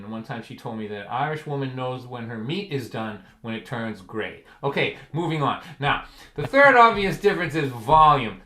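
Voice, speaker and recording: With a fairly high-pitched voice, this Massachusetts man, a folk singer and storyteller, spins humorous tales in a dry, wry manner. He stays deadpan except for sudden loud, performed quotations. The sound is roomy and echoey.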